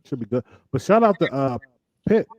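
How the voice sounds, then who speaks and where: A man's voice: mid-range voice, sing-song, normal speed, darkish tone, highs cut off, slight background noise. A man co-hosting a casual talk show, chatting in a laid-back, drawling way with mocking asides. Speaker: podcast co-host. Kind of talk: casual chat.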